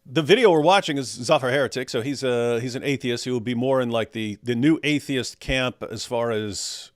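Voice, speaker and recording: A man's voice: mid-range voice, moderate pace, dry recording, clean studio sound. A man co-hosting a livestream in casual chat, reacting to viewer comments with jokes and frequent laughter. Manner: jokey, laughs often, many restarts. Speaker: livestream co-host.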